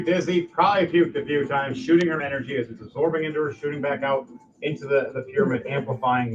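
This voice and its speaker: A man running a tabletop game as game master, narrating in an animated way, laughing often and swearing casually. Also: mid-range voice, distant mic. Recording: dull lo-fi sound from off-mic, music behind.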